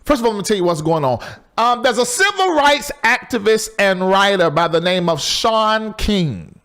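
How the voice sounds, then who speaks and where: Animated high-voiced man hosting. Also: normal speed. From Southern US. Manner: loose, chatty and animated, swings between high exclaims and low asides. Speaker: talk show host. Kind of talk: live call-in talk show monologue.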